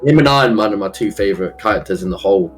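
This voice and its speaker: A man's voice: on the low side, lively intonation, racing, faint music behind. A man talking as a guest on a casual stream, hesitant, with many restarts and self-deprecating laughs. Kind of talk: casual chat.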